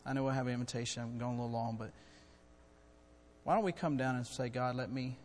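A middle-aged man preaching a sermon in a church, earnest and building to loud, urgent storytelling. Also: mid-range voice, fairly even intonation, fast talker, a little hiss or hum. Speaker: guest preacher. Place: church sanctuary. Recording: long hall reverb.

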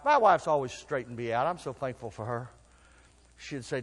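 An older man preaching a sermon, telling folksy stories and swinging from quiet asides to shouted exhortation. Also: medium pitch, animated, normal speed. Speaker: pastor. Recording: long hall reverb.

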